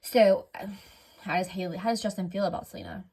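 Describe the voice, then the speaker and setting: A woman's voice: fairly low pitch, fast talker, dark tone, husky. A woman running a casual tarot reading, rambling and correcting herself often, audibly breathing heavily. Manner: rambling, filler-heavy, self-correcting. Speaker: tarot reader.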